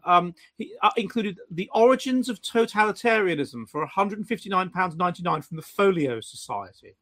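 High, bright-voiced man. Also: brisk, hardly any pauses. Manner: animated, stammering restarts, mocking. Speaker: podcast co-host. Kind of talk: casual chat.

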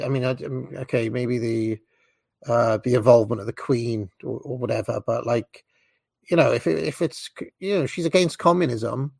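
A man's voice: mid-range voice, creaky, no echo, clean studio sound. A man commenting casually on a documentary, puzzled and hesitant, restarting his sentences often. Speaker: reaction video commentator.

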